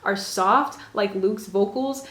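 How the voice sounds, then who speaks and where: A woman's voice: medium pitch, slow, roomy sound. A young woman vlogging from her bedroom, gushing about an album with frequent laughs. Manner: gushing, animated, laughs often. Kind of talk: casual chat.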